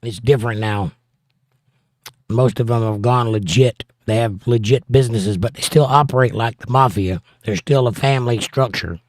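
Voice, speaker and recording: A man's voice: mid-range voice, measured pace, pauses often, no room sound, clean studio sound. A middle-aged American man hosting a casual livestream, reading viewer comments aloud with playful, combative banter. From United States. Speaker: livestream host.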